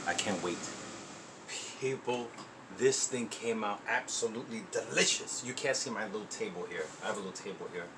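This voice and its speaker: A man with a low voice hosts his home cooking vlog, chatty and enthusiastic. He is recorded on the camera mic in his kitchen, with a steady air-conditioner hum behind him. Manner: chatty, enthusiastic, talks while eating. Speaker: cooking channel host.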